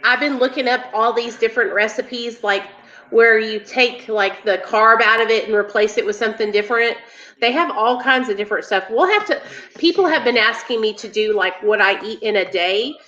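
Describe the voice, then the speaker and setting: A woman's voice: a little high, moderate pace, bright, forceful tone, highs cut off. A woman co-hosting a casual live stream and talking to viewers in a chatty way. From American South. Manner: chatty, addresses viewers as y'all. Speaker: co-host.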